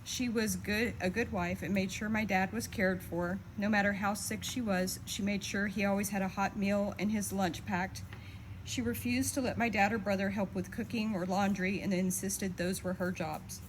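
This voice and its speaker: A woman reading a eulogy for her mother, steady and heartfelt, fondly reminiscing. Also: mid-range voice, normal speed, a little hiss or hum, rough recording. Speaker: daughter giving a eulogy. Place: memorial service.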